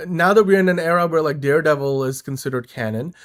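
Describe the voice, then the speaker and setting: A man's voice: a little high, quick pace. A man hosting a casual podcast, talking in an easygoing, reasonable way with lots of fillers. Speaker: podcast host.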